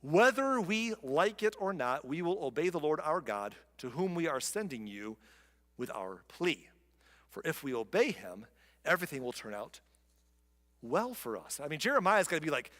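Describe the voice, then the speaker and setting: A man preaching a sermon as pastor, reading scripture slowly and breaking into quick joking asides. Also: fairly high pitch, in a large hall. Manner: lively, reads scripture slowly then jokes in quick asides. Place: church.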